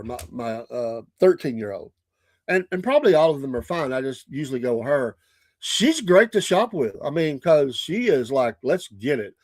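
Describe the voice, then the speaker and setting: Lively older Southern man, chuckling. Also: on the high side, no echo. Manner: animated, chuckling, rambling with restarts. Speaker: podcast host. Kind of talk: casual anecdote telling.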